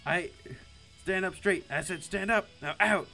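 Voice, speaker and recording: A man's voice: sits high, a little slow, vocal fry, bright, forceful tone, faint music behind, voice pushed up, full character voice. A man voicing a foul-mouthed adult male drill-sergeant teacher who barks insults and orders in a visual novel. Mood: menacing. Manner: barking orders, insulting, commanding.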